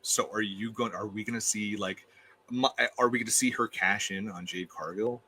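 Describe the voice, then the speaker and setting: A man's voice: fairly low pitch, steady tone, normal speed, bright, forceful tone, slightly rough. A man appearing as a guest reviewer, talking in an emphatic, opinionated way and often repeating himself. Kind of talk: casual opinionated chat.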